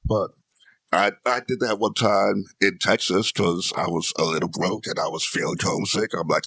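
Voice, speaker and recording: A man's voice: fairly low pitch, normal speed, fairly bright tone, no room sound. A young English man with an English accent, chatting on a comedy podcast in a self-mocking way and laughing often. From England. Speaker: podcast co-host. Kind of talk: casual comedic chat.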